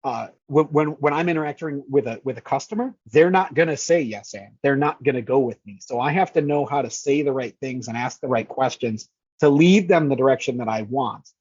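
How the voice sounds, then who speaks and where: A man's voice: mid-range voice, fairly quick, darkish tone, breathy edge, no echo, highs cut off. A man who manages scare actors, talking casually and energetically in an interview, swearing freely and acting out lines.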